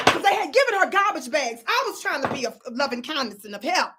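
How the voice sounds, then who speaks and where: A woman, hosting her own channel and telling a story in an animated way, often breaking off to say "watch this" and dropping into whispers. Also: sits high, quick pace, few pauses, heavy background noise. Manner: animated, repeats "watch this", drops to whispers for quotes. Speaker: channel host. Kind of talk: storytelling vlog.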